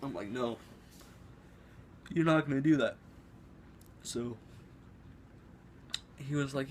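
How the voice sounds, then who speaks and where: A man's voice: medium pitch, measured pace, long pauses, a little hiss or hum. A teenage boy telling a school story to camera in a casual, rambling way, with lots of fillers and restarts. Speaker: vlogger. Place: room at home.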